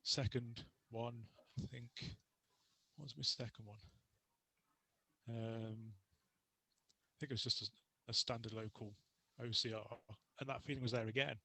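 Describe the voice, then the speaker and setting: A man's voice: medium pitch, fairly even intonation, unhurried, creaky, sharp tone, slightly rough, poor audio. A young adult man chatting as a podcast guest, telling casual stories and laughing often. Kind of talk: casual interview chat.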